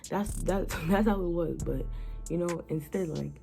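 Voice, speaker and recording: A young woman vlogger telling a personal story in a casual, animated way, full of slang and fillers. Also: on the low side, unhurried, gravelly. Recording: music playing behind her.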